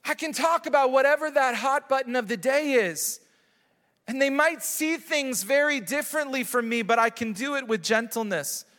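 A man's voice: extremely high pitch, moderate pace, bright, forceful tone. A middle-aged male pastor preaching a sermon, earnest and urging, repeating his points to the congregation. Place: large church hall. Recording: long hall reverb.

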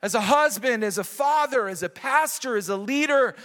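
Middle-aged male pastor, very high voice, earnest repetitive sermon delivery, long hall reverb. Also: lively intonation, normal speed, a bit bright. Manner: earnest, repetitive, urging the congregation. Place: large church hall.

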